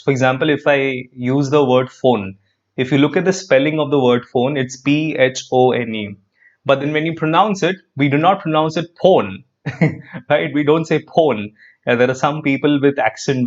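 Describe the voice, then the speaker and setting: A man's voice: on the high side, dull audio. A man teaching an English grammar class live online, repeating key phrases and asking students questions. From India.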